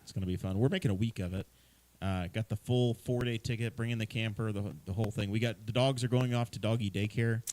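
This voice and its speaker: A man's voice: on the low side, steady tone, fast, a little mellow. A man hosting a casual podcast chat, easygoing and chatty. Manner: easygoing, chatty, brief reactions. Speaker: podcast host.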